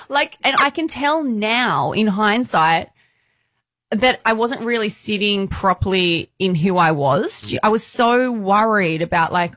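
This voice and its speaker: A woman in her thirties co-hosting a podcast, bubbly and telling stories with quick asides. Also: fairly high pitch, expressive, fairly bright tone, no echo. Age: 30s. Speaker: podcast co-host. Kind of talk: casual chat.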